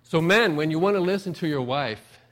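A middle-aged pastor delivers a conversational sermon full of folksy personal stories. His voice sits on the high side with lively intonation and a fairly quick pace, pushing up for emphasis before letting phrases trail off softly.

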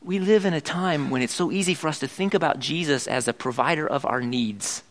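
Middle-aged pastor guy, pretty high voice, chatty sermon, keeps asking the crowd questions. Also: a little fast. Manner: conversational preaching with rhetorical questions to the congregation.

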